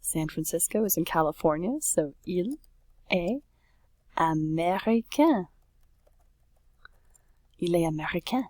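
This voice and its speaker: Chatty, self-correcting woman teacher, low voice. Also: lively intonation, moderate pace, a little mellow, dry recording, clean studio sound. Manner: chatty, self-correcting, says oops often. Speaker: French teacher. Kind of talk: casual worksheet walkthrough.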